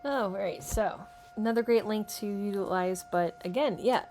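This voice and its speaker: A woman's voice: mid-range voice, normal speed, music in the background. A woman hosting a podcast, chatting casually and wryly while reacting to clips. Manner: chatty, wry, addresses listener as honey. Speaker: podcast host.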